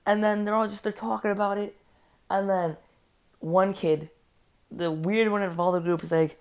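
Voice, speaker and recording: A woman's voice: fairly low pitch, normal speed, a little mellow. A woman telling a story for her vlog, rambling, swearing a lot and sounding incredulous. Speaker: vlogger. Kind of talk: casual story time.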